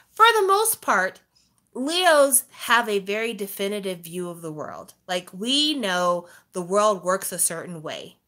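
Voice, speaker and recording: A woman vlogger rambling in casual chat, telling exasperated stories and swearing, with animated impressions of other people. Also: medium pitch.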